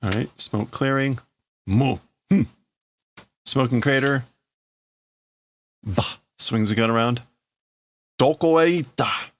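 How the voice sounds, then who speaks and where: A man's voice: mid-range voice, takes it slowly, long pauses, a bit bright, slight background noise. A man hosting a live stream who reads and translates a comic while thinking aloud, with hesitant restarts. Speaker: livestream host. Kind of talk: casual live reading and translating.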